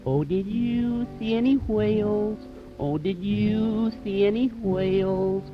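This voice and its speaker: Woman singing fair young maiden, plaintive and pleading, slow drawn lines, muffled old record, band behind. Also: medium pitch, over loud music, close to an everyday voice. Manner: sung plaintive questions, pleading. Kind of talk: 1920s novelty song record.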